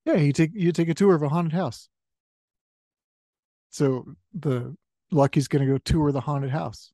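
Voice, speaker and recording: Brief: male comedy game host, higher-pitched, unhurried, jokey and quick to laugh, dead-dry close mic. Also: mellow, dry recording. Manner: jokey, laughs often between lines. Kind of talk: playful improv hosting.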